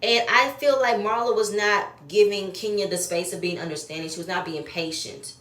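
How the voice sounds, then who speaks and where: A woman's voice: medium pitch, steady tone, normal speed, fairly bright tone. A woman giving blunt, profane, opinionated commentary while she reviews a reality show episode. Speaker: reality TV recap host. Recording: echoey room.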